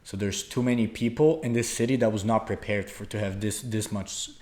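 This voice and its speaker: A man's voice: fairly low pitch, fairly even intonation, fairly quick, darkish tone. A young man from Poland telling a long, rambling story in a casual podcast chat, full of fillers and restarts. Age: young adult. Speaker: podcast co-host.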